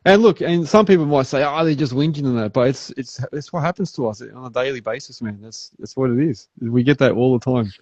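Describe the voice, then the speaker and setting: Laid-back Australian man, mellow muffled voice. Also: medium pitch, brisk, few pauses, dry recording. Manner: laid-back, says "man" often, acts out customers. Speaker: podcast host. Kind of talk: casual podcast chat.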